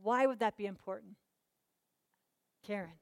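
A woman's voice: mid-range voice, moderate pace, creaky, dry recording. A woman leading a Bible study class, questioning her students and urging them to answer.

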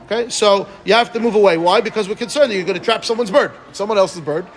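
A man's voice: high-pitched, faint music behind. A man teaching a Talmud class, reading Aramaic and explaining it phrase by phrase in English, often checking with listeners. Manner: quick, animated, asks listeners "right?".

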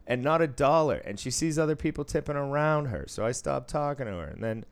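A man's voice: mid-range voice, animated, fairly quick, gravelly. A man in his thirties telling a story in casual chat, blunt and profane.

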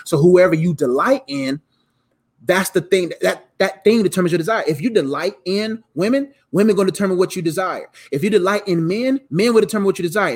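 A man's voice: high-pitched, breathy edge. A tired man teaching the Bible live in a casual, slangy way, repeating words as he goes. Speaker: preacher streaming live.

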